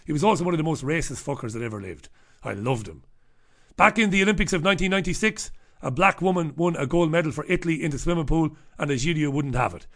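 This Irish radio host, a middle-aged man, talks fast in a slightly high, somewhat bright voice. He rambles his way through a checklist with irreverent humor and plenty of swearing, delivering it as a casual comic monologue.

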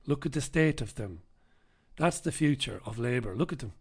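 A man's voice: mid-range voice, lively intonation, normal speed, a little mellow, husky. Sardonic, sweary Irish man. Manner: sardonic and sweary, greeting viewers. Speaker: livestream host. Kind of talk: casual live-stream chat.

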